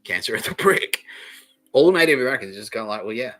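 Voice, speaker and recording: A man hosting a podcast, rambling through an excitable, profane comedy monologue and laughing often mid-sentence. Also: medium pitch, fast talker, soft background music, low-quality recording. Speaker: podcast host.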